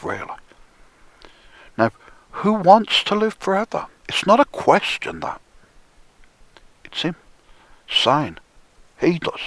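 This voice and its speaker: A man rants in a sneering, profanity-laden monologue at a deliberately slow pace, his pitch swinging widely. His voice is husky, and he often sinks into hushed whispers to drive a point home. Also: no room sound. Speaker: conspiracy commentator. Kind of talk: ranting monologue.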